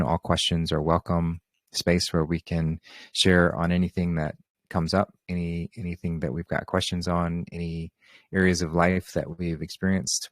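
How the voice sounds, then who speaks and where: A man's voice: low voice, no room sound, clean studio sound. A man hosting an open question session on a group video call, talking in an easygoing, rambling way with many fillers. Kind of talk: casual spiritual talk on a group call.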